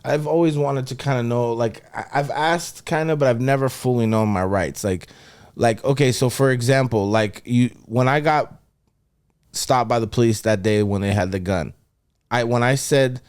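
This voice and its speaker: A man hosting a podcast, asking questions in an animated, joking way and acting out scenes. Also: mid-range voice, normal speed, clear, resonant tone. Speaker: podcast host. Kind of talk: casual podcast conversation.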